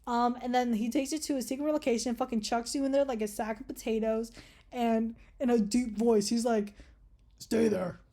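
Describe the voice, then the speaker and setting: A woman's voice: a little high, fairly even intonation, a little fast, dark tone. A woman vlogger speaking in a casual, rambling rant, full of swearing and jokes. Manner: rambling, profane, jokey.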